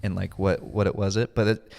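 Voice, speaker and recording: A man's voice: low voice, flat delivery, a little fast, creaky, a little mellow, big-room sound. A young man co-hosting a podcast in casual chat, rambling with lots of fillers and self-deprecating asides. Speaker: podcast co-host.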